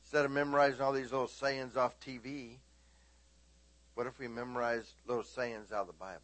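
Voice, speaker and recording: A man preaching a sermon, animated, swinging between loud exclaiming and hushed talk. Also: mid-range voice, a little fast, no room sound.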